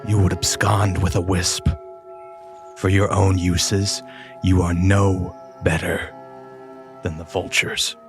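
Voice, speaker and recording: A stern keeper of the dead, low-voiced and slow, weighing each cold word, as a man puts it on. Ambient music plays softly beneath the tabletop game. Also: little pitch movement. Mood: menacing. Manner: cold, measured, duty-bound. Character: stern, weary guardian of the dead, sex unstated, armed.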